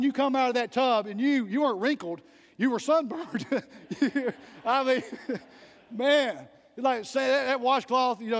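A man preaching a sermon to his church, telling folksy stories and rising to loud emphatic peaks between quieter asides. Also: very high voice, in a large hall. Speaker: pastor. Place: church sanctuary.

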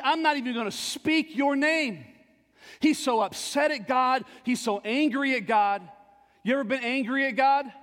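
A male pastor preaching a fervent sermon with call-and-response, surging into shouts. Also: very high-pitched. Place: church sanctuary. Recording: long reverb of a church sanctuary.

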